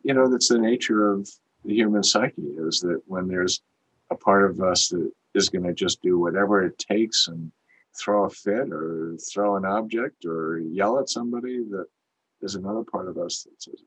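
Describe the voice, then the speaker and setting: Podcast co-host, male, deep husky voice, earnest and reflective. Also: normal speed, low-quality recording. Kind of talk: casual conversation.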